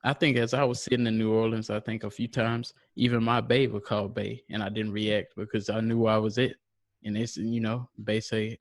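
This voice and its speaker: A low-pitched man hosts a casual podcast, chatty and quick to laugh as he throws questions to the others. His voice is recorded close and dry, with no room sound around it. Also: level tone, dry recording. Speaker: podcast host.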